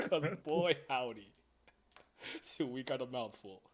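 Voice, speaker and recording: A man's voice: medium pitch, lively intonation, slow, slight background noise. A man co-hosting a podcast in casual chat, laughing often and chiming in with short reactions. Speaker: podcast co-host.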